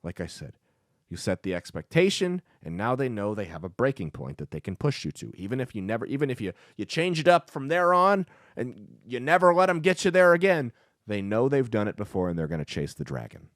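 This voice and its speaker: A brash man holds forth in an emphatic podcast monologue, laced with crude jokes. His voice sits at a middling pitch and is recorded very dry in a studio, with no room sound. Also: sing-song, fairly quick, no echo. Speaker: podcast host and comedian.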